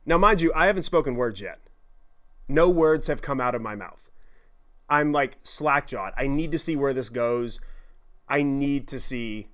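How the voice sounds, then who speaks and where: A man telling a story in a podcast monologue, animated, profane and self-deprecating. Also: mid-range voice, measured pace, pauses often. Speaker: podcast host.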